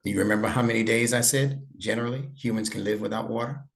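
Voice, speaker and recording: Low gravelly male tutor, encouraging. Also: fairly even intonation, fast. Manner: patient, encouraging, praises often. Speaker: instructor. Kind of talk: online tutoring lesson. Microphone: video call.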